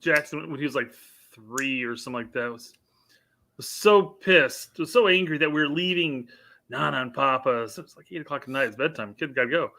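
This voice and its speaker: A man's voice: mid-range voice, a little fast, pushed and bright. A man co-hosting a podcast, chatting casually and making wry, joking asides. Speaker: podcast co-host. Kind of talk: casual chat.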